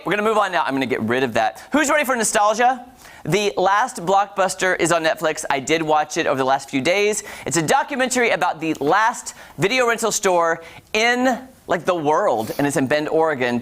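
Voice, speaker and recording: A woman's voice: fairly low pitch, a little fast. Chatty woman reviewing shows on morning TV. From Texas. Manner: chatty, animated, talks straight to viewers. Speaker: TV entertainment reviewer. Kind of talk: casual morning-show review.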